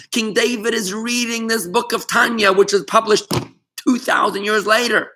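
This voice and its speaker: A man's voice: high voice, fairly even intonation, normal speed, sharp tone. A man teaching a Torah lesson to students in an online class, speaking with passion and emphasis, often calling on students by name.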